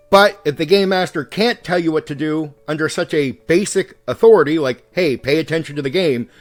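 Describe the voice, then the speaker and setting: A man hosting his own channel, giving a heated, profane rant to the camera as a longtime game master, moving between raised and calm speech to push his point. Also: on the high side. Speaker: YouTube host and game master. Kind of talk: ranting commentary to the camera.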